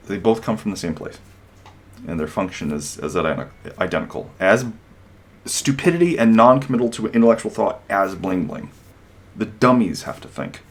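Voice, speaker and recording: A man delivering an opinionated commentary monologue, animated and sarcastic, slipping into mocking impressions. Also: on the low side, normal speed.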